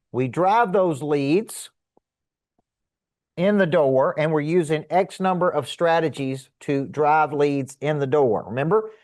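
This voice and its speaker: A middle-aged man teaching a seminar to a live audience as a sales coach, energetic and emphatic, asking rhetorical questions. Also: on the high side, no echo, clean studio sound.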